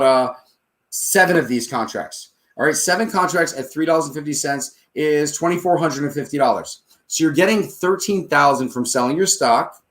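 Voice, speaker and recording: Man, trading advice host, slightly raised pitch, brisk and sure, keeps checking in with the listener. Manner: brisk, confident, walks through numbers aloud; checks in with "all right?" and "okay?" often. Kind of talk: casual advice monologue.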